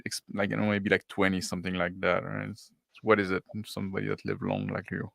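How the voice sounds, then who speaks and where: A man playing his character in a tabletop game, halting and joking as he rambles. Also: low-pitched, monotone, gravelly, fairly bright tone, no echo, clean studio sound. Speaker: player. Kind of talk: in-character tabletop role-play.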